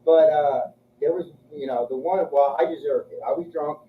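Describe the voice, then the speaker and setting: A man's voice: fairly high pitch, moderate pace, slight background noise. A man casually telling crude, profane stories and acting out the other people's lines. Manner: crude, profane, acts out voices in his stories. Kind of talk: casual storytelling chat. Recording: echoey, muffled room from a distance.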